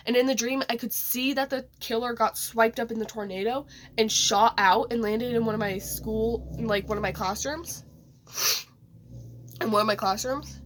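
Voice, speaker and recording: A woman's voice: medium pitch, slight background noise. A teenage girl recounts a vivid dream in a casual, rambling vlog. She corrects herself often and leans on fillers as she goes. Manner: rambling, many fillers and restarts. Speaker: vlogger.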